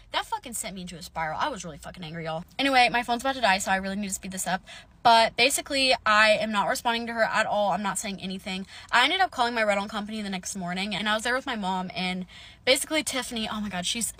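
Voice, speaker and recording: A young woman with a medium-pitched, pushed, bright voice tells a long roommate story straight to camera as a vlogger. It's a casual storytime rant: angry, full of swearing, and rambling fast with lots of "like" and other fillers.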